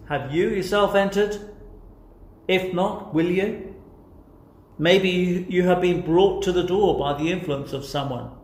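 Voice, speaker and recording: A man's voice: fairly high pitch, slight background noise. A man preaching a sermon, earnest and emphatic, putting rhetorical questions to his listeners. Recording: echoey room.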